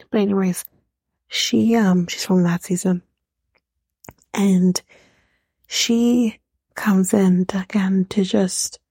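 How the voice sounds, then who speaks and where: A woman hosting a podcast, recapping casually in a blunt, profane, sarcastic way and often dropping to a breathy half-whisper. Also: medium pitch, mellow, no echo. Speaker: podcast host recapping a reality show. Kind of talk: casual chat.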